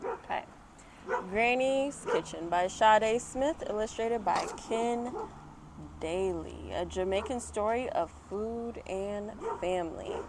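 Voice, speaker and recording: A woman's voice: mid-range voice, slow, noisy background. A mother reading a picture book aloud at home on an external mic, with chatty asides and laughing at herself. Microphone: external microphone. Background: dogs barking.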